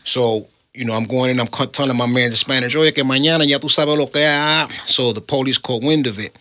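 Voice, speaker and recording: A man's voice: medium pitch, fairly even intonation, sharp tone, dry recording, clean studio sound. A middle-aged man, telling the story of his time in prison in casual street slang. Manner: street slang, laid-back storytelling, rapid.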